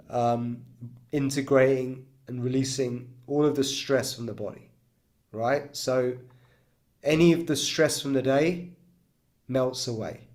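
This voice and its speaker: A man guides a breathwork and chanting practice in an easy, reassuring way. He demonstrates the tones himself between his explanations. He keeps checking in with his listeners as he goes. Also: medium pitch. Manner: calm coaching with frequent "okay?" and "right?" check-ins. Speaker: breathwork coach.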